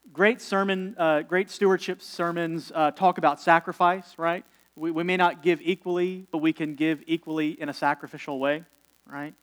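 A pastor with a fairly high voice preaches a sermon. He addresses the congregation in a relaxed, conversational manner, using ums and slowing down to pause deliberately on key words.

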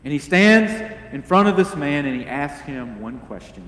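A man preaching a sermon as pastor, earnest and deliberate, asking the congregation rhetorical questions. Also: on the high side, very animated, a bit bright, echoey room, long reverb tail, a little hiss or hum. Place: church sanctuary.

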